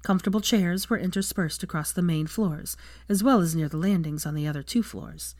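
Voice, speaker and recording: A woman reading fan fiction aloud as a steady storybook narration. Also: lowish voice, fairly quick, no echo.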